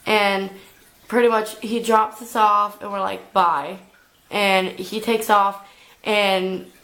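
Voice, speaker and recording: A young woman in a storytime vlog, drawling her way through a story at an unhurried pace. Her pitch sits in the middle of the range, and she rambles with plenty of filler "like"s. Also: little pitch movement, fairly bright tone, low-quality recording. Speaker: vlogger.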